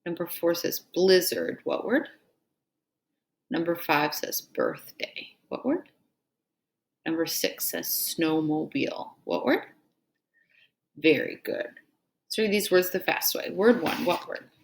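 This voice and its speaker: A woman teacher leads a reading drill with a slow, unhurried delivery and a fairly low voice. She names each item and asks for the word over and over, praising the answers, and she reads the story passage with care. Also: vocal fry. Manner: call-and-response prompting, repeating "what word?" after each item; patient and encouraging, praising answers. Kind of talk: scripted reading drill and read-aloud.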